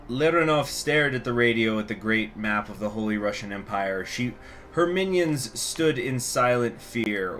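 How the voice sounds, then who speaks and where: A man's voice: fairly low pitch, a bit bright. A man hosting a gaming video, reading story text aloud with casual, profane asides. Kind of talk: let's play with story reading.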